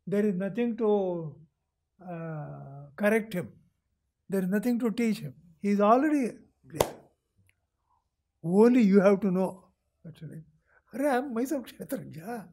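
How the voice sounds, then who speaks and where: Indian man, spiritual teacher, fairly high voice, patient scripture lecture, keeps asking if listeners follow. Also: measured pace, long pauses, mellow. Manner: acts out a seeker's voice in quoted lines.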